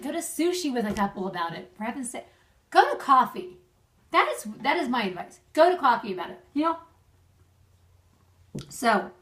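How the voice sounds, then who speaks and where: A young woman talks chattily and laughs easily as she gives friends marriage advice. Her voice sits fairly high and sounds a little distant from the mic, as if recorded at home. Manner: warm, chatty, laughs often. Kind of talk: casual video message.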